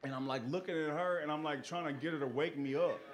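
A man's voice: on the high side, fairly even intonation, fast talker. A man performing a stand-up comedy set on a club stage, telling a loose, slangy story and acting out the quotes. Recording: live club recording with noisy room. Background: audience laughter.

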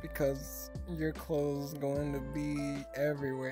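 A woman's voice: sits low, a little slow, darkish tone, faint music behind. A woman streamer reading out chat messages in casual talk, giggling, flustered and swearing a lot, often stuttering.

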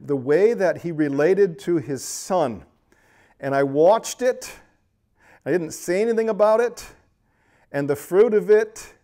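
A middle-aged pastor preaching earnestly to a men's retreat, speaking straight to the men. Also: male voice, a little high, a little mellow.

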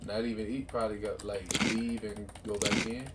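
A man's voice: fairly low pitch, flat delivery, moderate pace. A man co-hosting a home gaming video, giving offhand, mumbled advice. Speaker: gaming channel co-host. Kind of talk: casual gameplay commentary. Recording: keyboard clicks and typing noise.

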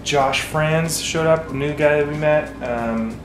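A man's voice: a little high, slow. A man co-hosting a casual home vlog, chatty and upbeat, talking straight to his viewers from the kitchen. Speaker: vlog co-host. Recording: roomy home recording with background music.

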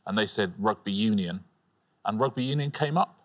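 Low-voiced quiz co-host. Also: male voice, moderate pace. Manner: relaxed, informative, wry. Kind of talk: chatty trivia commentary. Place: TV studio.

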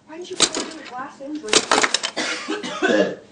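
A woman's voice: sits high, wildly swooping pitch, slow. A teenage girl chatting with friends, giggly and dramatic in her complaints. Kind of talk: casual chat among friends. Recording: very noisy home video.

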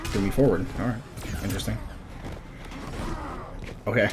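A young man giving live commentary over his fighting-game matches, casual and self-critical, muttering under his breath and then yelling out at big moments. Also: lowish voice, expressive, normal speed, pauses often. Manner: reactive, swings from muttering to sudden shouts. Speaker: gameplay commentator.

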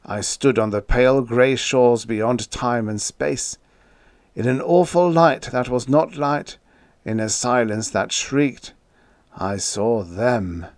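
A man doing a hysterical man haunted by unseen horrors, his voice climbing to shrill shrieks and sinking to hoarse moans. The audiobook reading sounds close and dry, with no room around it. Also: slow, no echo, natural voice. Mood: haunted urgency. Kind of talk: audiobook character voice.

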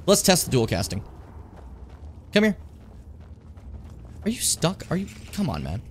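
A man's voice: fairly high pitch, unhurried, slight background noise. A man streaming a fantasy role-playing game, chatting and joking with his viewers as he plays. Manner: animated, joking, talks to chat. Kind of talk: casual gameplay commentary.

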